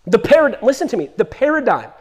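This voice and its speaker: A man preaching with a high, ringing voice, pressing his point again and again. His delivery jumps from loud, urgent bursts to quiet, intimate asides. He tells stories with animation, acting out the people in them. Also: fast talker, slightly rough. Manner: emphatic, repeats "listen to me", swings from loud to hushed; animated storytelling, acts out quoted voices. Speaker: pastor. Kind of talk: sermon.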